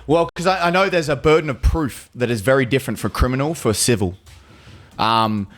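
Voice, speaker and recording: A man's voice: medium pitch, fairly quick, a bit bright. Rambling man, casual chat. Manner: rambling, profane banter. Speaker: podcast guest.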